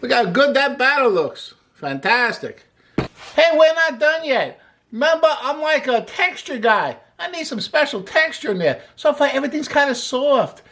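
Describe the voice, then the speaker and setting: A man's voice: extremely high pitch, big pitch swings, moderate pace, pushed and bright. Chatty man cooking and explaining. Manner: chatty, upbeat, talks while working. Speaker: cooking show host. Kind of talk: casual cooking demonstration. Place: home kitchen.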